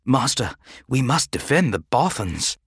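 A man's voice: fairly low pitch, very animated, takes it slowly, a bit bright, husky, dry recording, studio quality, full character voice. A man voicing an injured male Jedi knight who speaks weakly but with urgency. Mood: urgent. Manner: urgent, strained. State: weak, in pain. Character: wounded male Jedi knight, weak, worried.

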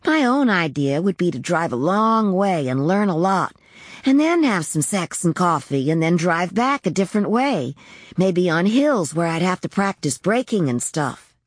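A woman's voice: fairly low pitch, very animated, moderate pace, dry recording, studio quality. A woman voicing a small-town teenage girl who dreams of trucking, telling her story in a plainspoken, matter-of-fact, chatty way. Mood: blunt, chatty. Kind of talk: audiobook character narration.

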